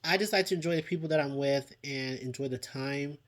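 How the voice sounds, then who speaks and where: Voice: medium pitch, fairly quick. A video host giving casual commentary on a reality show, exasperated and dramatic, sighing often and repeating lines for emphasis. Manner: exasperated, dramatic, with frequent sighs and exclamations; addresses people directly and repeats lines for emphasis. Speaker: TV show reviewer, channel host.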